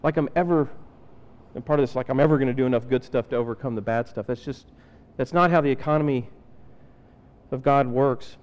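A man's voice: medium pitch, brisk, long pauses, darkish tone, lo-fi sound. A man preaching a conversational sermon, acting out the lines of the people in his stories. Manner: conversational, acts out Bible characters' lines. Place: church sanctuary. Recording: reverberant church hall.

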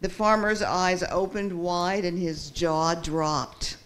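A woman pastor telling a story during a church talk, with an expressive, lively delivery. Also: fairly low pitch, slow.

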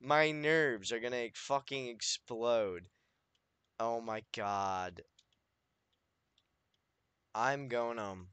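A man's voice: medium pitch, expressive, takes it slowly, pauses often, sharp tone, smooth, no room sound. Young male gaming YouTuber, jittery and foul-mouthed, muttering to himself. Clean, resonant voice, dry close-mic sound. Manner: anxious, swearing, self-talking, desperate pleading. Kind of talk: Minecraft let's play commentary.

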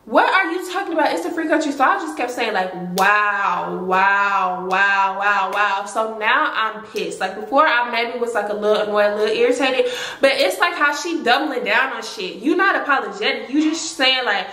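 A young woman, casually telling a storytime to camera, animated and swearing freely. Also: a little high, moderate pace. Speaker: storytime vlogger. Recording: echoey room.

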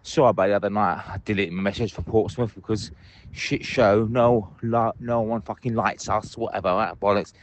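A man's voice: lowish voice, steady tone, normal speed, a little hiss or hum. A man leaving angry voicemails, ranting and swearing passionately from a busy station. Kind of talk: phoned-in voicemail rant. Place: out in public, at a train station.

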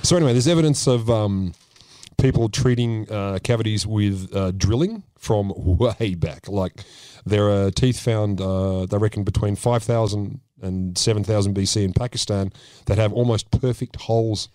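Aussie male podcast co-host, crude and jokey, lowish voice, dry close mic, slightly numb-lipped. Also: normal speed, warm tone, dry recording. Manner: crude, jokey, swears often. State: numb lip from dental filling. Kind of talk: casual comedic chat.

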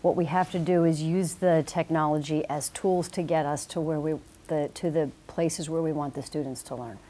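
A woman professor being interviewed in a TV studio, explaining her teaching methods in a measured, confident way. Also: low-pitched, steady tone, dark tone. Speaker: business professor, guest.

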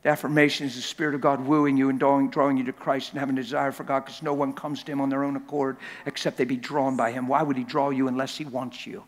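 A man's voice: mid-range voice, little pitch movement, fast talker, few pauses. A man preaching a sermon as a pastor, impassioned and acting out little scenes and voices as he talks. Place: large church hall. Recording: long church hall reverb.

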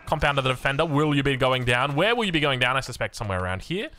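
Racing along in a mid-range voice, the Australian caster keeps his strategy game commentary lively and loose. Between plays he tosses in jokes and self-mocking asides.

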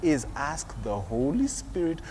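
Woman, pastor, children's sunday school teaching, slow and swooping, lower voice, faint hiss behind. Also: low-quality recording. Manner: animated, acts out little quotes, sweeping pitch.

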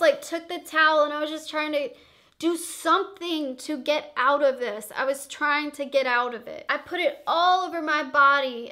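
High bright young woman vlogger, swearing a lot, super animated storytime. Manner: animated, profane, dramatic retelling. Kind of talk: casual storytime vlog.

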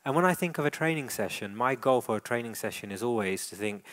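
A man coaches a live dog-training demonstration, guiding handlers step by step. He gives steady, encouraging praise at a middling pitch. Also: fast talker.

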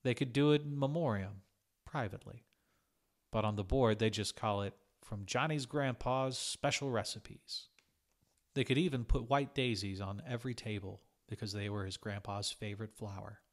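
A man reading a literary short story aloud in a calm, measured way. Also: lowish voice. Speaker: reader.

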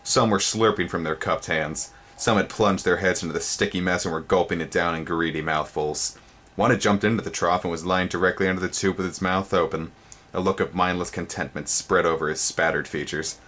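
A deep-voiced man reads a storybook aloud with a theatrical flair. His voice leaps upward on exciting words and slows to linger on them. He stops now and then to show the book's pictures. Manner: theatrical, sudden pitch jumps on exciting words. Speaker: storybook reader. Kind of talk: dramatic storybook reading.

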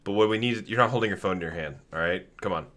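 A man live-streaming a video game, talking to the characters in an animated, profane, joking way. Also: on the low side, fast. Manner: animated, swears a lot, talks to game characters. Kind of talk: live gaming commentary.

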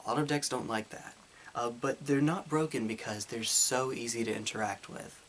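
A man with a light Southern US twang, answering viewer questions in a casual Q&A while holding his voice deeper and fuller than usual. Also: moderate pace, fairly bright tone, slight background noise. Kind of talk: casual Q&A monologue.

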